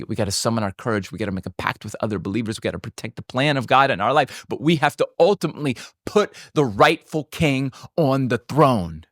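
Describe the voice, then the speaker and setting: A male pastor preaching a sermon in an impassioned way, often repeating and restarting words. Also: mid-range voice. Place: church.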